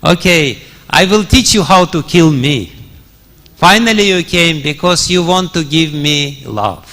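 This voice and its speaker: A man's voice: high-pitched, sharp tone, in a large hall, heavily acted. A man voicing a huge male demon in a retold scripture story, in nearly his own voice. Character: huge male demon, boastful then weeping.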